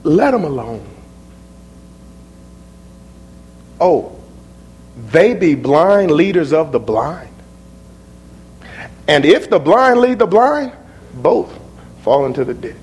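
A male preacher voicing Jesus as a calm, unbothered grown man who muses slowly and brushes off the offended. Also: fairly high pitch, husky, pitched below the performer's own voice, exaggerated voice. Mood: calm musing. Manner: slow, musing, dismissive.

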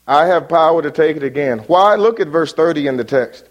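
A man's voice: lively intonation, a little fast, muffled recording. Emphatic male preacher. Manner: emphatic, rises sharply on quoted words, drops low for appeals. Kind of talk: evening sermon.

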